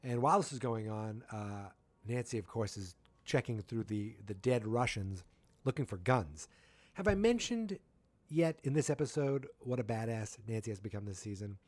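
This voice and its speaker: A man in his forties hosting a podcast, casually recapping an episode with animated storytelling and quick quoted impressions. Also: on the low side, no echo. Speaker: podcast host.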